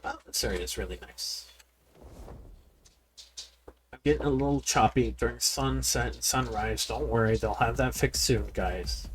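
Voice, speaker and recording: A man's voice: mid-range voice, normal speed, long pauses, a little hiss or hum. A man giving casual, rambling commentary while playing a game, often repeating words and talking straight to his viewers. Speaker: game streamer. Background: people yelling in the background.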